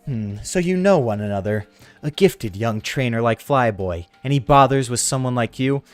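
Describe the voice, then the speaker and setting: A man reading the lines of a cold, haughty villain mother from a game in his own voice, scornful and slow. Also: medium pitch, lively intonation, dry recording, soft background music, lightly acted. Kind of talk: reading game dialogue aloud.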